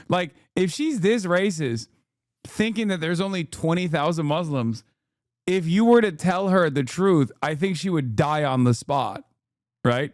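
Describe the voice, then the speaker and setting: A man's voice: on the high side, a little mellow, dry recording, studio quality. A man hosting a livestream, reacting to a video with mocking, profane rants. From United States. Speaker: livestream host.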